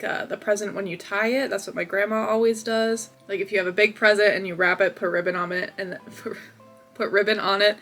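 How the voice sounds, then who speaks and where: A woman's voice: medium pitch, vocal fry, a bit bright. Chatty young woman vlogging from home. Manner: chatty and upbeat, lots of fillers. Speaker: crochet video host. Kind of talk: casual vlog chat. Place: home office.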